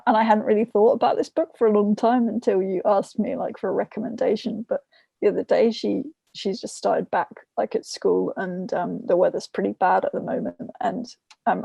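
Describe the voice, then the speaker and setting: A woman's voice: on the low side, creaky, mellow, husky, no room sound. A woman, a parent, chatting casually as a podcast guest and retelling a story from home with quoted voices. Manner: many fillers and restarts. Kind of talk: casual conversation.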